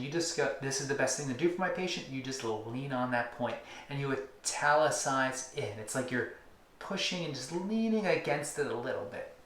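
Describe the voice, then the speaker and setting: A man's voice: a little high, roomy sound. A man teaching acupuncture technique in an instructional demonstration, stretching out repeated words and dropping to near-whispers. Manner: rhythmic, drawn-out emphasis, drops to near-whispers on repeated words.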